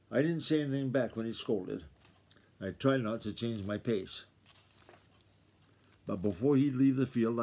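A man reading a novel aloud to his family in a steady storytelling voice, with small slips now and then. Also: medium pitch.

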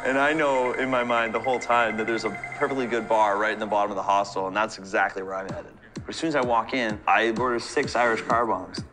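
A man's voice: fairly low pitch, fairly even intonation, fast. Canadian guy narrating a funny drunk story, self-mocking, music going behind him. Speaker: comedian. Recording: narration over background music.

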